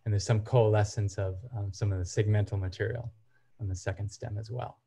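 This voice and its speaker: A man's voice: fairly low pitch, steady tone, brisk, vocal fry, mellow, slightly rough. A man presenting at a university seminar, giving an academic lecture and explaining step by step with occasional hesitation fillers. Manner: methodical, explains step by step while walking through examples.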